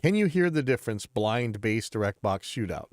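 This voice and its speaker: A man hosting a casual livestream, talking bluntly and rambling with restarts, a bit stuffy and clearing his throat. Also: lowish voice, very animated, normal speed, dry recording, clean studio sound. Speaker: livestream host.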